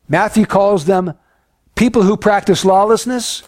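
A man preaching a sermon in an earnest, emphatic way, often dropping to a hushed, solemn tone. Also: high voice, lively intonation, measured pace, no echo, clean studio sound.

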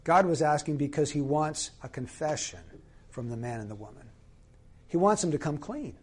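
A man preaching a sermon in an earnest, emphatic way, slowing down to stress key phrases. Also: fairly high pitch, animated, darkish tone.

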